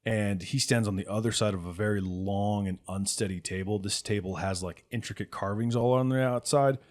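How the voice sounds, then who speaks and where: A man's voice: lowish voice, fairly even intonation, fairly quick, a little mellow. Man narrating as game master. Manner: casual, chatty, lots of fillers.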